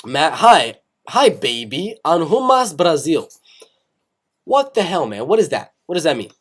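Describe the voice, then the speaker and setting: Lively young man hosting a livestream. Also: on the high side, a little slow. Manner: rambling, repeats phrases, swears casually. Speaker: MMA live stream host. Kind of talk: casual live stream, reading chat.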